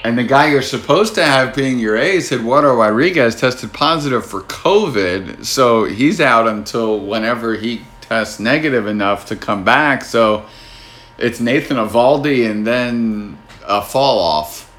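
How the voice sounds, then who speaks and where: A man's voice: medium pitch, expressive, measured pace, fairly bright tone. A man with a New Jersey accent hosting a casual sports podcast, talking in a wry, teasing, easygoing way. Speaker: podcast host.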